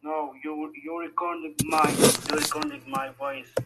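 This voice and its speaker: A man, speaking halting, broken as an upset caller on a voice chat. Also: on the high side, sing-song, vocal fry, heavy background noise. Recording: tinny voice-chat line.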